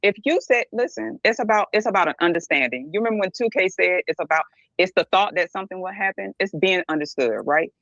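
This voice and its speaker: A woman's voice: lowish voice, lively intonation, quick pace, fairly bright tone, no echo, dull audio. A middle-aged woman speaking bluntly and emphatically as a podcast guest, often checking in with "right?". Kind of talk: candid podcast discussion.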